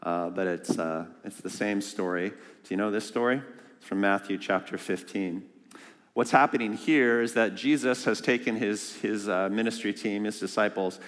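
A man preaching a sermon as a guest speaker, lively and joking, asking the congregation questions. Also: on the low side, normal speed, big-room sound. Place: church sanctuary.

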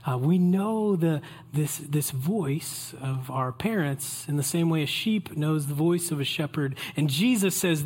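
A man preaching a Christmas Eve sermon as pastor, in a relaxed, conversational way that invites the congregation in. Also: fairly high pitch, a little slow, hardly any pauses, breathy edge.

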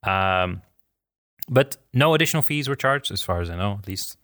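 Brief: male podcast host, lowish voice, chatty storyteller who acts out the quotes, dry close mic. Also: animated, normal speed, a bit bright, no room sound. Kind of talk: casual storytelling chat.

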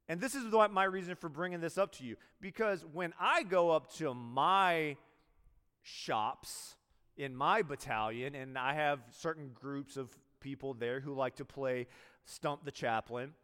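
A male military chaplain preaching in an easy, conversational way, often slipping into quoted dialogue. His voice sits a little higher than most men's. A long hall reverb trails behind him. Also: fairly bright tone. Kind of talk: sermon.

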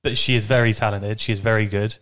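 A man hosting a casual football podcast, relaxed as he leads the discussion. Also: on the low side, fast talker. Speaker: podcast host.

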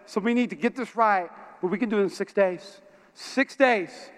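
A man's voice: sits high, normal speed. A man preaching a sermon to his congregation in a church auditorium, telling stories with lots of energy and calling out to the crowd. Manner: energetic, animated storytelling with call-outs to the congregation. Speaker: pastor. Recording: reverberant hall.

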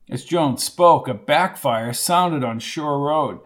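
A man, the author, narrating his own audiobook in a plain, steady storytelling manner. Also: fairly high pitch, takes it slowly, few pauses.

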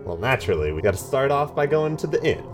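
A man's voice: mid-range voice, very animated, quick pace, over music. Playful guy at a tabletop game, voice jumps all over, goofy in character. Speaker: player. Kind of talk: casual tabletop role-play.

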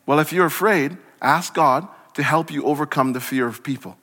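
A man preaching a sermon as a church pastor, conversational and animated, acting out little scenes from the text. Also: on the high side, moderate pace. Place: church sanctuary. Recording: long hall reverb.

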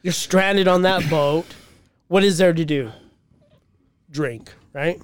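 Teasing profane man, higher voice. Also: takes it slowly, clean tone, dry recording. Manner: teasing, profane, rambling stories. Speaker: podcast co-host. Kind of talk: casual chat.

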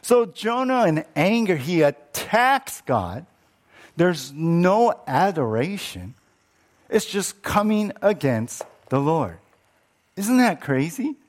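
Guy pastor preaching, pretty high voice, gets animated and stumbles over his words. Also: takes it slowly. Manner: animated, acts out quoted lines with rising pitch and many restarts. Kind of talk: sermon.

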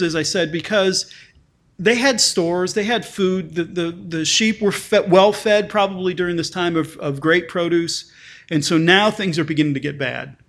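Preaching in a conversational style, a man with a somewhat bright, slightly high voice frequently restarts and repeats words. When he reads scripture aloud, this pastor raises his emphasis.

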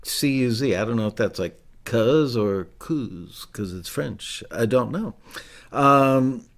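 Guy hosting a loose music chat, slow and easygoing, lots of ums. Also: mid-range voice, creaky. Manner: relaxed, rambling, thinking aloud with fillers. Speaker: host. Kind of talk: casual livestream chat about music.

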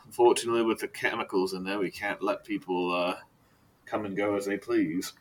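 A man voicing a brusque male doorman at a locked room in a tabletop game, speaking loud and drawn-out. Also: on the low side, little pitch movement, lightly acted, poor audio. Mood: officious.

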